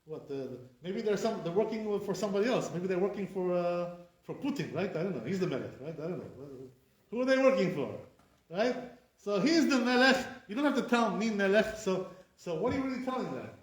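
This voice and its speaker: A rabbi teaching pronunciation in a classroom lesson, his man's voice sitting a bit high. He keeps correcting and repeating words, asking his listeners rhetorical questions. The room sounds echoey around him. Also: animated, a little fast.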